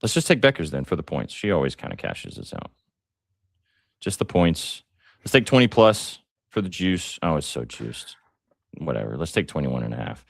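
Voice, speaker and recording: A deep-voiced man hosting a live betting stream, chatty and excitable, throwing in jokes and ums. The sound is close and dry, with no room around it. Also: moderate pace, gravelly, no echo. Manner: excitable, joking, lots of fillers. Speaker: sports betting show host.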